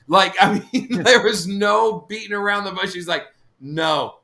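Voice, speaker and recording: Halting, bright-voiced man chatting. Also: high-pitched, steady tone, vocal fry. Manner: rambling, halting, amused. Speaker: co-host, fishing charter guide. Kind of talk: casual live-stream chat.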